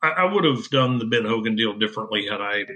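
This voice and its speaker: A man's voice: lowish voice, animated, quick pace, pushed and bright, poor audio. A middle-aged man who designs golf wedges, telling stories in an interview with an emphatic, self-assured manner. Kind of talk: interview conversation.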